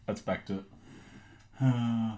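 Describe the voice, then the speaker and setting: A man's voice: on the low side, steady tone, slow pace, mellow. A young Australian man casually rambling through meme-reaction commentary at a home streaming setup, laughing and swearing often. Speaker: streamer and host.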